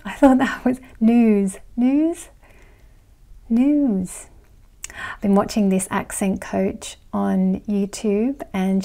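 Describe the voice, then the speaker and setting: This astrology vlogger, a woman in middle age, goes through viewer comments in loose, chatty fashion, laughing and using fillers. Her pitch is medium and her tone is dark.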